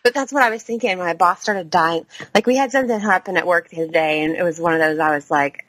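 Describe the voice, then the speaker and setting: Podcast co-host, woman, casual and profane, bright voice, dry close sound. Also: fairly low pitch, animated, fast, hardly any pauses, no room sound. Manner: chatty, swearing, laughs often. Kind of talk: casual chat.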